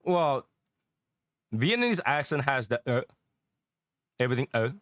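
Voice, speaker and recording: A man's voice: medium pitch, big pitch swings, measured pace, fairly bright tone, no echo, clean studio sound. A middle-aged man chatting casually and animatedly, often laughing and imitating accents. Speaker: cigar chat co-host. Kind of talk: casual chat.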